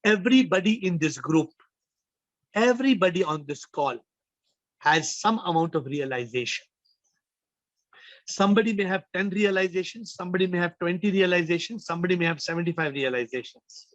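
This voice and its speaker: Male spiritual teacher, high-pitched, emphatic, on a dull, dry call line. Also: expressive, a little fast, dry recording. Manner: emphatic, repeats phrases, rhetorical questions. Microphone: video call.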